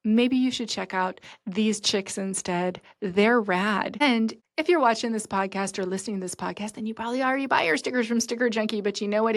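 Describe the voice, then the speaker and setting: A woman's voice: medium pitch, gravelly, no echo, studio quality. A woman hosting her own podcast, talking bluntly and swearing freely about her business. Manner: blunt, profane and fired up. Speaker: podcast host and business owner. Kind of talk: casual podcast monologue.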